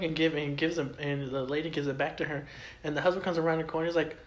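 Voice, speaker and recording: A man co-hosting a podcast, telling stories in a casual chat, animated, laughing often and swearing freely. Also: fairly high pitch, quick pace. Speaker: podcast co-host.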